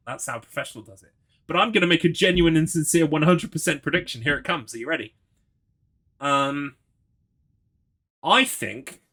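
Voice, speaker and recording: A man's voice: medium pitch, bright, forceful tone. A man streaming a horror game, chatting with his audience in a rambling, swear-prone way. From United Kingdom. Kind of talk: gaming livestream commentary.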